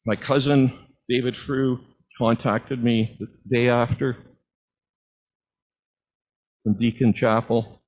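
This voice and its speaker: A man's voice: mid-range voice, level tone, takes it slowly, pauses often, a little mellow, low-quality recording. A middle-aged man preaching, telling personal stories as testimony in an earnest, heartfelt way. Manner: earnest storytelling, at times moved to tears.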